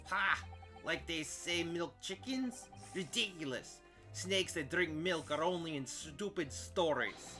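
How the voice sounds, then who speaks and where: A man voicing a bold circus woman who speaks broken English, loud and emphatic. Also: fairly high pitch, expressive, slow pace, soft background music, exaggerated voice. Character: bold Russian circus woman, doting snake owner.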